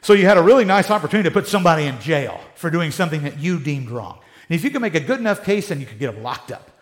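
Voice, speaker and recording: A man's voice: a little high, racing. A man teaching the Bible in a casual, conversational way, joking and acting out the people he talks about. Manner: animated, joking, acts out quotes in voices.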